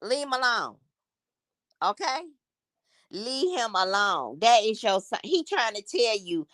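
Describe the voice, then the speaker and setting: A livestream host in her sixties gossips casually with her viewers, calling them y'all, in a slightly high, somewhat bright voice full of big pitch swings. She talks at a measured pace and pauses often, recorded cleanly in a studio without echo.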